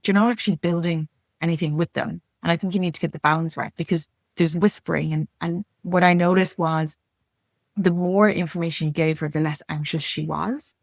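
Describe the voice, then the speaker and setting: A middle-aged woman telling her story as a podcast guest, frank and earnest, with blunt language and quick restarts. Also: fairly low pitch, fairly even intonation, vocal fry, dry recording, clean studio sound. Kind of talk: candid conversational storytelling.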